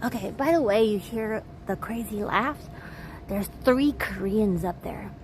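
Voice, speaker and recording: A woman's voice: medium pitch, a little slow. A woman in her thirties from Taiwan with an American accent, chatting casually and laughing between swear-filled stories. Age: 30s. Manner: profane, laughing, chatty storytelling. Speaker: vlogger. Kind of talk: casual chat. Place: hotel, indoors. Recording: noisy background.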